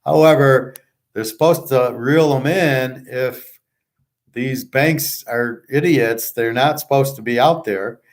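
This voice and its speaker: A man's voice: medium pitch, slow pace. A man hosting a show, ranting casually and bluntly with lots of swearing, rambling and restarting his sentences. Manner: blunt, profane, ranting and scoffing. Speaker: show host and handicapper. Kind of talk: casual monologue.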